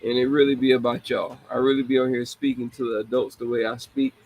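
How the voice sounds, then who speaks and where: A man's voice: medium pitch, little pitch movement, fast talker, darkish tone, slight background noise, rough recording. Laughing forty-something man host. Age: 40s. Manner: laughing often, apologetic, addressing children as babies. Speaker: show host. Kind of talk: casual livestream talk.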